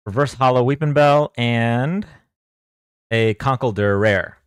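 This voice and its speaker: A man's voice: medium pitch, expressive, moderate pace, no echo. Guy on a stream ripping card packs, jokey and self-deprecating, dry close sound. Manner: jokey, counts cards aloud, self-deprecating. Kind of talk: casual live stream chat.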